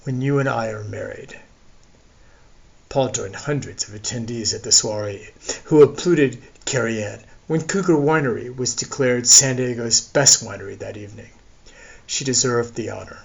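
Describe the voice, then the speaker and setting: A man reading a novel aloud as narrator in a wry storytelling manner. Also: mid-range voice. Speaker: audiobook narrator. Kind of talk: scripted narration.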